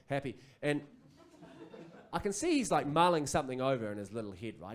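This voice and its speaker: A man in his thirties with a New Zealand accent doing an animated stand-up set on a comedy club stage, acting out his kids and himself. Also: medium pitch, fast, a little hiss or hum. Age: 30s. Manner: animated, acts out kids and parents.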